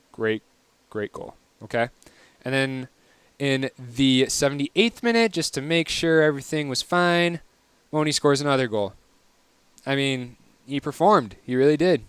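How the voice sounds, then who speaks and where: A man's voice: medium pitch, clean tone, no room sound. A young man hosting a casual solo soccer recap, chatty, wry and opinionated. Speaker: podcast host.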